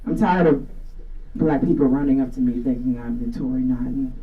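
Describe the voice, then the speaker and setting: A woman's voice: a bass voice, a little fast, phone-quality sound, a crowd in the background. A woman doing a brash, profane stand-up set at a live show. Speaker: stand-up comedian. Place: live studio show in a garage. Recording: distant stage mic, loud audience.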